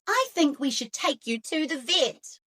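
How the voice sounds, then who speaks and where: A woman voicing a young girl who fusses over her sick cat in a storybook read-aloud, high and caring. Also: sing-song, measured pace, sharp tone, dry recording, clean studio sound, full character voice. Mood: fretful, caring.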